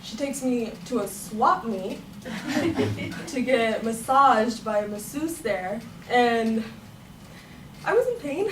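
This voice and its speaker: A woman's voice: fairly high pitch, slow. Chatty young woman in an echoey room. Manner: chatty, laughing storytelling with many "like"s. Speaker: storyteller. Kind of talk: personal story told to a room. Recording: echoey room, far from the mic, noisy.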